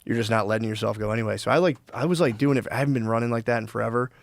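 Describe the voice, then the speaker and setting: A man's voice: medium pitch, very fast, gravelly. A young man, a comedian guest, chatting casually and rambling with frequent restarts and swearing. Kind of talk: casual chat.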